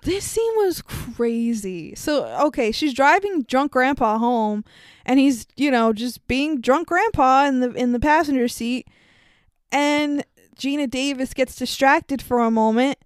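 A woman's voice: high voice, unhurried, smooth, no echo. A young woman co-hosting a podcast, recapping a movie in casual chat, laughing often and swearing freely. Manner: laughs often, animated and profane. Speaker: podcast co-host.

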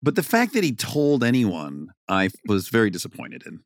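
A man's voice: medium pitch, moderate pace, no echo, studio quality. A man hosting a podcast in casual chat, telling stories with animation. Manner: animated, storytelling. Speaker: podcast host.

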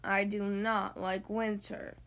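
A woman voicing a grumpy, sleepy male tortoise in a slow, grumbling drawl. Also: mid-range voice, level tone, fairly bright tone, voice pushed down.

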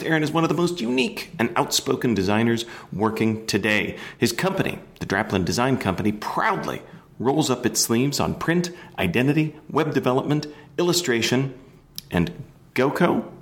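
A male podcast host with a lively, swinging delivery, introducing his guest in an upbeat announcer style. His voice moves up and down a lot as he reads. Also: medium pitch.

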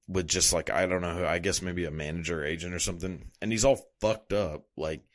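A young man talking in a loose, rambling monologue, swearing a lot and laughing at himself. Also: deep voice. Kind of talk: casual profane monologue.

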